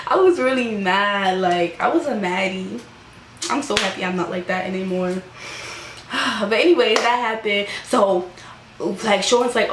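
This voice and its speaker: A woman's voice: mid-range voice, unhurried. Chatty young woman in an echoey room. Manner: chatty, fillers of "like", laughs at herself, acts out the quoted lines. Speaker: vlogger telling a personal story. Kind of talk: casual storytime vlog. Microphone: camera microphone. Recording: echoey room, faint background noise.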